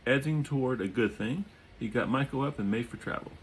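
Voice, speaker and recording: A man reading a chapter of his own novel aloud at home, adding relaxed asides and often repeating or correcting words. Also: mid-range voice, fairly quick, slight background noise, low-quality recording. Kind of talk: audiobook reading with casual asides. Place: home during a thunderstorm.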